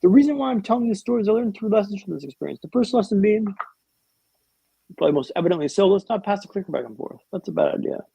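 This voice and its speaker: A man telling a vivid, humorous story with dramatic pauses as a guest in a podcast interview, on a dull, lo-fi recording. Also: high voice, big pitch swings, creaky, warm tone, slightly rough, no echo.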